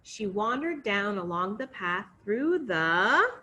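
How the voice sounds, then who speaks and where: A woman telling a fairy tale to children, expressive and coaxing, inviting them to join in. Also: mid-range voice, takes it slowly. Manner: expressive, coaxing, sing-song. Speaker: children's storyteller. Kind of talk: interactive read-aloud for children.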